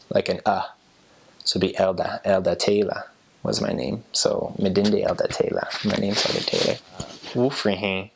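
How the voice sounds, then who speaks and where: Low, gravelly-voiced young man. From United States. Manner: relaxed, chatty, with fillers and soft laughs. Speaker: former missionary. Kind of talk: casual explanatory talk.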